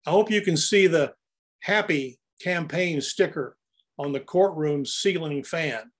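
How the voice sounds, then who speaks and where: Older man, higher-pitched storyteller. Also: measured pace. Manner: anecdotal storyteller. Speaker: photographer presenting his photos. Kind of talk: narrated photo presentation.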